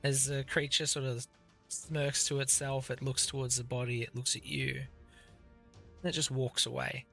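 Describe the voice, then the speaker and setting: A man's voice: medium pitch, flat delivery, moderate pace, creaky, sharp tone, faint music behind. A man narrating as game master of an actual-play tabletop game, vivid and descriptive with many fillers.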